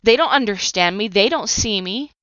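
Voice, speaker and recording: Telling her personal testimony with earnest emotional openness, a coach in her thirties hosts her own podcast. Her mid-range voice is expressive and a bit bright at a moderate pace, in a dry, slightly muffled recording.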